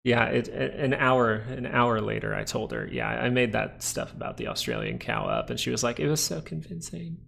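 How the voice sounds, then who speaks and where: A man's voice: medium pitch, lively intonation, normal speed, vocal fry, hardly any pauses, a bit bright. A man hosting a live stock market stream, chatting casually and joking with viewers between comments on the charts.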